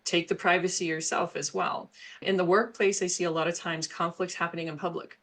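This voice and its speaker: On the low side and fairly bright, this middle-aged woman's voice is brisk with a flat delivery. Interviewed as a guest with HR experience, she earnestly lays out her parenting views, laughing in between.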